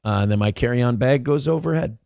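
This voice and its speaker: A man's voice: medium pitch, brisk, creaky, darkish tone, no room sound, clean studio sound. A man hosting a morning show, commenting sarcastically on a viral video and laughing at it.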